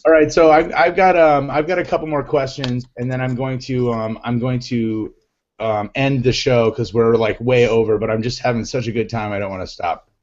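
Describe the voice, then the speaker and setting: A man hosting a casual group chat, upbeat and playful, quick to laugh. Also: medium pitch, fairly even intonation, darkish tone, muffled recording. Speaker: show host.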